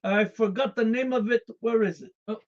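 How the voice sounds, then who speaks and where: A streamer playing a devoted Russian communist comrade with a put-on Russian accent, speaking in deadpan, formal broken English on a comedic live stream. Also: mid-range voice, normal speed, lo-fi sound, close to an everyday voice.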